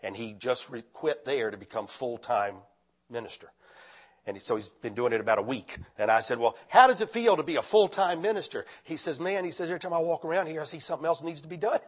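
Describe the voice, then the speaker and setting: A retired pastor, an older man with a mid-range voice and fast delivery, gives a conversational sermon that builds into loud, fervent appeals.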